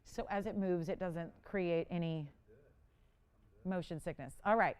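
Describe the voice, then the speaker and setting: A woman hosting a live jewelry auction on TV, chatty and animated, playfully dramatic as she talks to callers and crew. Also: lowish voice, a little slow, clean tone. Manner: dramatic, playful self-mocking. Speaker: live shopping host. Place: TV studio.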